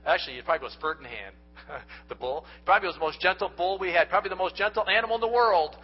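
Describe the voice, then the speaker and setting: A pastor preaches to his congregation in an earnest, folksy way, addressing them directly. His voice sits a little high for a man and has a husky edge. The recording is dull and lo-fi, as if captured in a church. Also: quick pace, soft background music. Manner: folksy storytelling. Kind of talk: sermon.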